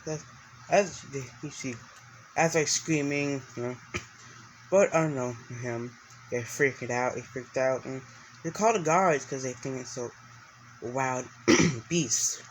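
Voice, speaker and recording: A man's voice: mid-range voice, takes it slowly, slight background noise, low-quality recording. A man narrating an improvised story, rambling along with many restarts and fillers.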